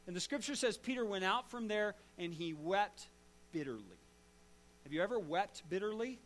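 A pastor with a high, light male voice tells the story in his sermon with plenty of drama. He rises to loud bursts, then drops to near-hushed lines. He turns often to ask the listeners direct questions.

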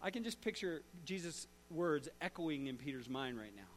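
A pastor with a high, light male voice tells the story in his sermon with plenty of drama. He rises to loud bursts, then drops to near-hushed lines. He turns often to ask the listeners direct questions. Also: expressive, brisk, few pauses, a little hiss or hum.

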